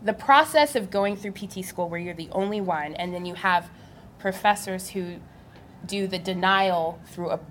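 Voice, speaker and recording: A young adult woman on a live panel, telling her story in an animated way and laughing often. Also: mid-range voice, moderate pace, a little hiss or hum. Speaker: physical therapist on a panel.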